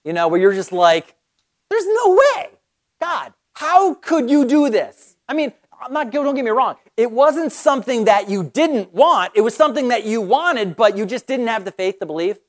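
Lively, enthusiastic Bible teacher. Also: medium pitch, brisk, few pauses. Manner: enthusiastic, conversational, with frequent restarts. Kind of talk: casual Bible study teaching.

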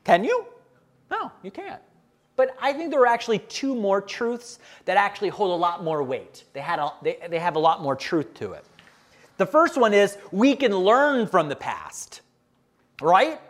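Conversational pastor with a lively voice. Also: male voice, high-pitched, moderate pace. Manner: conversational, asks the congregation questions. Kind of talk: sermon.

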